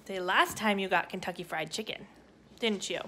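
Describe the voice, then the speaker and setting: A woman's voice: mid-range voice, normal speed, vocal fry, pushed and bright, slight background noise. A young adult woman chatting casually at home about her plans, rambling with lots of fillers. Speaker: family vlogger and mother. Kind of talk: casual chat to camera. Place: living room sofa at home.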